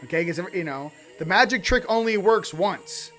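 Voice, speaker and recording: A man's voice: sits high, lively intonation, moderate pace, pushed and bright, soft background music. A man hosting a casual livestream card reading, rambling and fired up, with frequent restarts and asides. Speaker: host of a spiritual card-reading stream.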